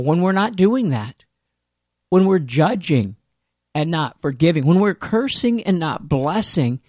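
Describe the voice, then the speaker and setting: A man's voice: fairly high pitch, dry recording, clean studio sound. A man preaching a sermon in an earnest, emphatic way, with conversational asides to his listeners.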